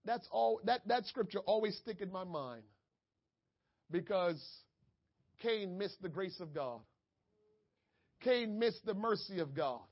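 Pastor, male, very high voice; sermon delivery that swings from hushed to shouting, muffled lo-fi sound. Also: animated, slow pace, pauses often. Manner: preaching with big swings from soft asides to shouting.

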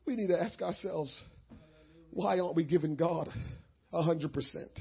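A middle-aged male pastor preaching a sermon, swinging from quiet talk to shouting, his voice breaking with emotion. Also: a little high, moderate pace, vocal fry, husky, lo-fi sound.

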